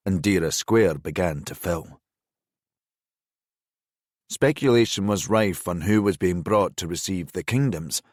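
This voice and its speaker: Male thriller narrator, low voice, slow measured reading, dry close sound. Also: no room sound. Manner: measured, even-toned reading. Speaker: audiobook narrator. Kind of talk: scripted narration.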